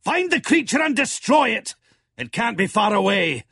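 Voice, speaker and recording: A fanatical church president shouts orders into the wind, as a male storyteller puts him on. The voice is pushed very high and husky, leaping about in pitch. It sounds close and dry, with no room around it. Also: big pitch swings, moderate pace, no room sound, full character voice. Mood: commanding. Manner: barking orders, urgent.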